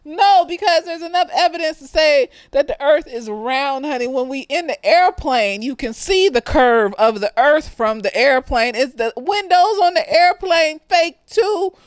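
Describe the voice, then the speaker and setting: This young woman's voice is high and expressive, unhurried and with few pauses, recorded without echo. Reviewing a TV show in a tipsy, casual chat, she swears, laughs a lot, and voices the characters when quoting them.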